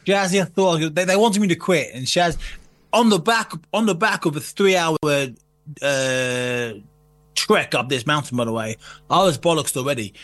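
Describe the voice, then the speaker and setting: A man telling a story in casual chat, animated and laughing, with plenty of swearing. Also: fairly high pitch.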